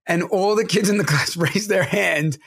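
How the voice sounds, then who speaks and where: A man co-hosting a podcast, telling a friend's story in a relaxed, laughing way. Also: high-pitched, normal speed, gravelly, slightly rough. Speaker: podcast co-host. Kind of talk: casual storytelling chat.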